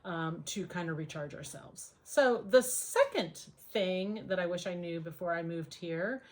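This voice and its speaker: A woman's voice: fairly low pitch, animated, a little slow. An American woman giving casual advice in a vlog, chatty and full of ums and uhs. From United States. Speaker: vlogger.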